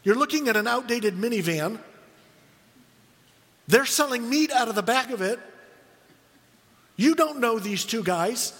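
A middle-aged man preaching a sermon as a pastor, telling stories with animated quoted voices. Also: very high voice, a little slow, long pauses, in a large hall.

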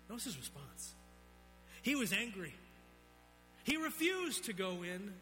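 A man delivers a sermon in a bright, forceful voice. He climbs to loud, emphatic peaks, then sinks to quiet, low lines. His voice rings with a long reverb in a large hall, over faint guitar music. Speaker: preacher.

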